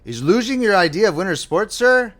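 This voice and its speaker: A man's voice: high-pitched, sing-song, a little fast, a bit bright, voice pushed up. A man voicing a pompous, pedantic male Swiss official who insists on precise points.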